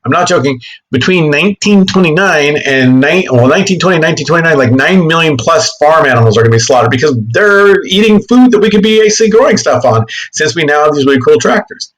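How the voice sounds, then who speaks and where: History teacher, male, slightly higher voice, animated, quips and self-corrections. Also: fast, low-quality recording. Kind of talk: classroom history lecture.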